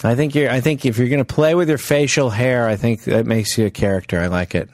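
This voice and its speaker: A man's voice: medium pitch, a little fast, no echo. A man hosting a comedy podcast, bantering casually and animatedly with his guest. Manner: animated, swings into loud mock-announcer bits. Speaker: podcast host.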